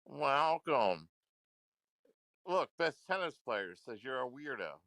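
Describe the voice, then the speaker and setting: A man's voice: medium pitch, sing-song, moderate pace, sharp tone, no room sound. A man ranting into a livestream, confrontational and repetitive, swearing often. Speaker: livestream commentator.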